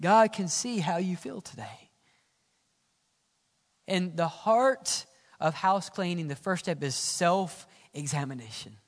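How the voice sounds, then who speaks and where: A man preaching a sermon as pastor, swinging from loud exclamations to hushed, quiet lines. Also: high-pitched, animated, slow, long pauses. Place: church sanctuary. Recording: church hall reverb.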